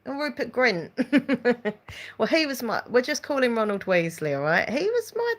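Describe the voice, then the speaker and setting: A woman's voice: a little high, huge pitch swings, fairly quick. Woman chatting on a live stream, giggly, voice bouncing all over the place. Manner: giggly, chatty, reads out viewer comments. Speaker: channel host chatting with live viewers. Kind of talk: casual live-stream chat.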